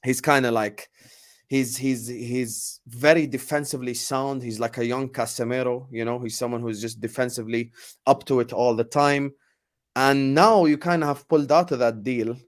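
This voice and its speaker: A man's voice: mid-range voice, steady tone, normal speed. A man hosting a football channel in casual chat, loose and filler-heavy, reading out viewer comments.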